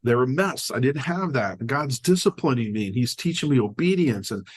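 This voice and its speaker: Older american guy telling stories on a podcast, acts out all the voices, middle pitch. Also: normal speed, slightly rough. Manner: animated storyteller acting out dialogue. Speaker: podcast guest. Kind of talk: storytelling in casual conversation.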